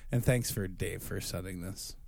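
A man's voice: sits low, moderate pace, creaky, a little mellow, slight background noise. A man co-hosting a podcast, trading crude jokes and laughing in casual chat. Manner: joking, crude, laughs often. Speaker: podcast co-host.

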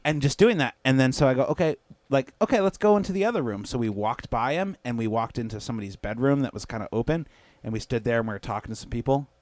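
A man's voice: mid-range voice, fast, no echo. A young man, a podcast co-host, telling a story in casual chat, swearing often and acting out the quotes. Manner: swears a lot, animated, acts out quotes.

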